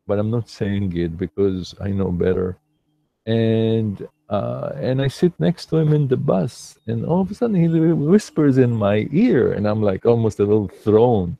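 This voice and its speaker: A man talking as a meditation teacher in a slow, reflective livestream talk, pausing and restarting often. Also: on the low side, gravelly, dark tone. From lives in New York City.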